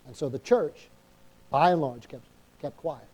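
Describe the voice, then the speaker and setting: A man's voice: on the high side, a little slow, long pauses, a little mellow, husky. A man preaching a sermon as pastor, emphatic and calling for amens, acting out little inner dialogues, with a New England accent. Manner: acts out quoted inner dialogue.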